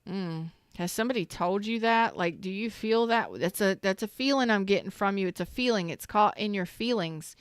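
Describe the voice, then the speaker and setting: A woman's voice: medium pitch, lively intonation, normal speed, hardly any pauses, smooth, dry recording, studio quality. A woman doing a live tarot reading on a stream, chatty and slangy, greeting viewers by name and repeating herself. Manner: swears casually, slangy.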